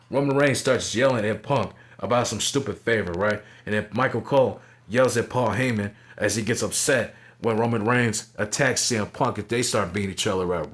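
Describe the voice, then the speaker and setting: A man casually recapping and reviewing a wrestling match, swearing freely and dropping "right?" and "you know what I'm saying" after most sentences. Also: mid-range voice. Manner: profane, rambling, fillers like "right?".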